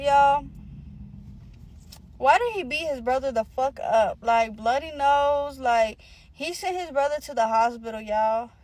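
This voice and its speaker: A woman's voice: high-pitched, a little mellow, rough recording. A young adult woman telling a casual storytime, rambling, slangy and profane, often calling out to her listeners.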